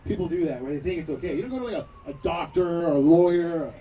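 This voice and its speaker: A man doing a crude, loud stand-up set at an outdoor backyard show, telling a story with acted-out quotes. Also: on the high side, very fast. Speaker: stand-up comedian. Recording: distant mic, crowd noise. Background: laughing crowd.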